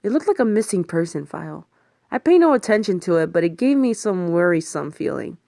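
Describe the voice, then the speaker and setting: Woman narrating a lively first-person story. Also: fairly low pitch, fairly quick, gravelly, no room sound, studio quality. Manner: lively, voices the other characters and swears in the heat of the story. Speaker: audiobook narrator.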